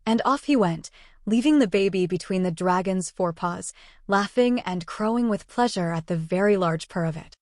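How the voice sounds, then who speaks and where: A woman narrating a storybook in an even, measured way. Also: mid-range voice, no echo, studio quality.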